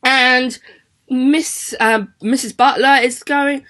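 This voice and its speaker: A woman's voice: a little high, expressive, a little slow, fairly bright tone. A young woman, a primary school teacher giving a chatty, encouraging video lesson to children. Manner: chatty, encouraging, sing-song questions to pupils.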